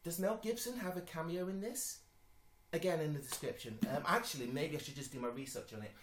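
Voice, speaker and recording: Excitable swearing man in a roomy room. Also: on the high side, brisk, a little hiss or hum. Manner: excitable, swears often, rambling with many fillers. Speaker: vlogger reacting to a movie trailer. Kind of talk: casual reaction commentary. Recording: roomy echo.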